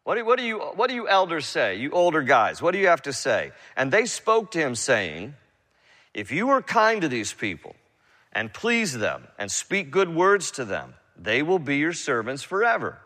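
A man preaching in a church sanctuary, reading scripture and then unpacking it in casual modern slang. His voice sits a little high and rings bright and forceful. A long reverb from the hall trails every phrase. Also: wildly swooping pitch, moderate pace. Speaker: pastor. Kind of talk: expository sermon.

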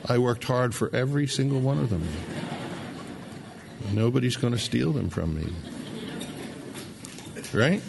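A man's voice: mid-range voice, expressive, unhurried, creaky, long pauses, noisy background. Emphatic middle-aged male preacher. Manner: emphatic, repeats key words, frequent restarts. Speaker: pastor. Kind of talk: sermon.

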